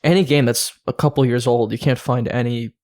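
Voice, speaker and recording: A man's voice: medium pitch, fairly even intonation, fairly quick, darkish tone. A man co-hosting a podcast in casual chat, laid-back, with short reactions and some swearing. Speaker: podcast co-host.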